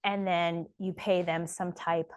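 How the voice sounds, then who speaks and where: A woman's voice: on the low side, little pitch movement, takes it slowly. A woman coaching small-business owners straight to camera, stressing points by repeating words and cheering viewers on. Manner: addresses viewers as "y'all". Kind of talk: direct-to-camera advice video.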